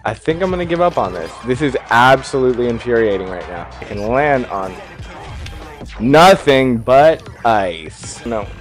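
A man giving casual, excitable commentary while playing a snowboarding game, swinging between mutters and shouts. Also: mid-range voice, fairly quick, few pauses. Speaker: gaming YouTuber. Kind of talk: casual let's play commentary. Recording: game music behind.

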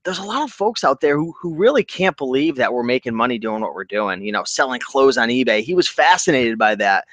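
A man's voice: medium pitch, a little fast, hardly any pauses, no echo. A man hosting a casual live stream, chatting loosely and reading out viewers' comments with lots of enthusiasm. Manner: animated, reads out viewer comments and shouts them out. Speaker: host of a reselling live stream.

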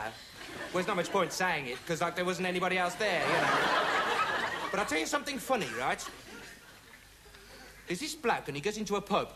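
A man's voice: on the high side, close to an everyday voice. An actor playing a dim young male amateur investigator who rambles through a comic monologue with pointless asides. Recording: loud studio audience laughter, noisy broadcast. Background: studio audience laughing.

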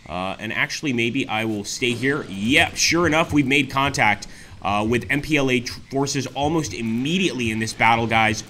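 A man hosting a let's play, commenting excitedly on a strategy war game and often exclaiming to his viewers. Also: mid-range voice, moderate pace, a little hiss or hum. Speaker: gaming channel host.

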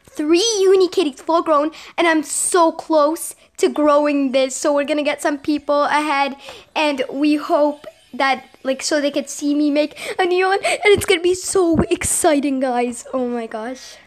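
Excitable high-voiced young girl gamer. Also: a little slow. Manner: excitable, repeats exclamations. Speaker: gaming vlogger. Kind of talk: excited gameplay commentary. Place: home with a sibling gaming nearby.

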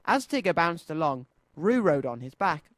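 A man presenting a children's radio show, reading a storybook aloud in an expressive, sing-song way. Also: fairly high pitch, moderate pace, no echo.

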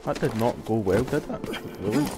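Excitable, swearing young man gaming. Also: mid-range voice, moderate pace, over music. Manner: swearing, excitable outbursts and shouts while playing. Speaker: gamer playing a video game. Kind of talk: casual gameplay commentary.

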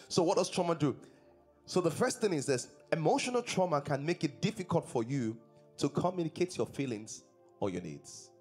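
A man's voice: fairly high pitch, very animated, normal speed, darkish tone, slightly rough, soft background music. A man preaching a sermon as pastor, repeating his points and asking the congregation questions. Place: church service.

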